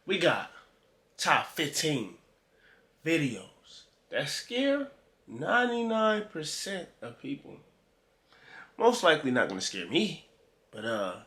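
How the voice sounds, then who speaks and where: Lively, bright-voiced joking man. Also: fairly high pitch. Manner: animated, joking, slangy. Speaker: reaction video host. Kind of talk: casual reaction commentary.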